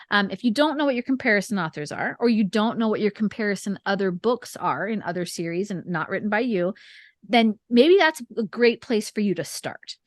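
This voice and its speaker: A woman's voice: medium pitch, no room sound, studio quality. A woman and author co-hosting a casual marketing talk. She is chatty, laughs often and acts out little stories as she talks. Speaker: podcast co-host and author. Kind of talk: casual chat, marketing advice.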